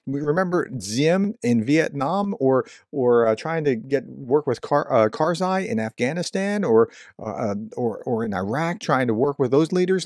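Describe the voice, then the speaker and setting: A man commenting on news clips, who breaks in with startled reactions and then reads statements aloud in a calm, steady voice. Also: mid-range voice, moderate pace, few pauses, no room sound, clean studio sound. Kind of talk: casual commentary.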